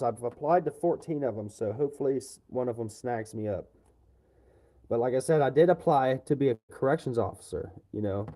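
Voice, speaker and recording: Male livestreamer, profane and fired-up ranting, warm dark tone. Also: mid-range voice. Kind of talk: livestream rant.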